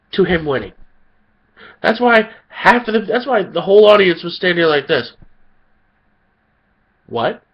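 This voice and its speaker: A man's voice: high-pitched, husky, lo-fi sound. Tired, fired-up man ranting. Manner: heated, indignant ranting. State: tired and sick. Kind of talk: angry opinion rant.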